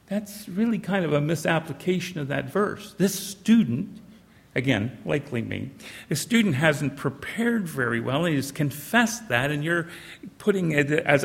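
An old man preaching a sermon, reading scripture in a measured way and breaking into conversational asides. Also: on the high side, creaky, long reverb tail. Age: older. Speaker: pastor.

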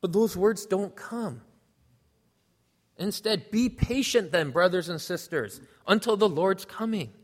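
Male pastor, earnest teaching sermon, higher voice, reverberant hall sound. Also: animated, slow. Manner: earnest, explanatory, reads scripture aloud.

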